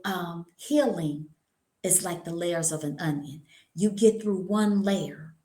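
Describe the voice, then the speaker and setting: Chatty middle-aged woman, echoey room. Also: low voice. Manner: chatty, folksy, calls listeners honey. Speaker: holistic wellness speaker. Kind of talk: informal health talk.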